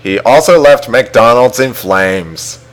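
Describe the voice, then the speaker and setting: A young man reading a comedic fan story aloud to a chatroom, animated and often laughing. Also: mid-range voice, slow pace, poor audio. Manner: animated, laughing, breaks off to fix typos.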